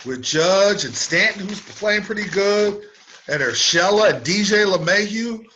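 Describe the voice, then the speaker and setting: A man's voice: high-pitched, animated, normal speed, sharp tone, lo-fi sound, a little hiss or hum. A man hosting a sports talk show, ranting heatedly with strong opinions and mocking asides. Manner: fired-up, ranting, mocking impressions. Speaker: sports radio host.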